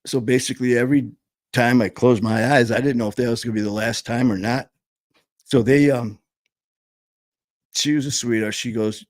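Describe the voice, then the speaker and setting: A man telling a personal story, candid and blunt, swearing freely and pausing often. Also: medium pitch, fairly even intonation, no echo. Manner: halting, full of fillers and restarts.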